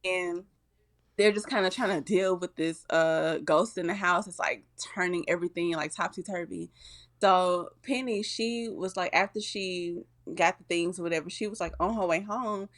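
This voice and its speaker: A woman's voice: lowish voice, fairly even intonation, moderate pace, a bit bright. A woman co-hosting a casual chat, retelling a cartoon and acting out the characters' lines. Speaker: podcast co-host.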